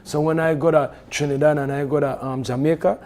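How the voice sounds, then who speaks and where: A man from Belize talking about working with musicians, in an animated way with many fillers and restarts. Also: on the high side, fairly quick. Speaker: music event organizer. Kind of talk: casual studio conversation.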